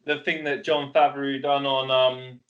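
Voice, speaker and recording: A man's voice: medium pitch, little pitch movement, a little slow, dull audio, crowd noise. Male guest, casual podcast chat, loose and rambling. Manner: rambling, lots of fillers. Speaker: podcast guest, cookbook co-founder.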